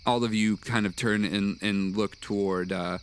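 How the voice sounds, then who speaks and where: A man narrating as game master of a tabletop game, pausing often with fillers. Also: lowish voice, steady tone, slight background noise. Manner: hesitant, many uh fillers.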